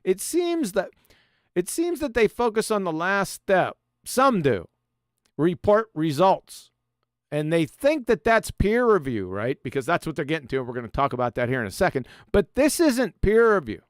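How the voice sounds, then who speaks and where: A man's voice: high-pitched, very animated, normal speed, dry recording, studio quality. A man hosting a live stream and presenting slides in a combative, mocking, emphatic manner. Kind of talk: casual live-stream lecture.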